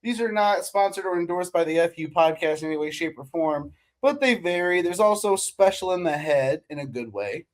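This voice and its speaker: A man's voice: high voice, animated, brisk, few pauses. A man hosting a casual comedy podcast, reading out definitions and reacting with flustered laughs. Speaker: podcast host.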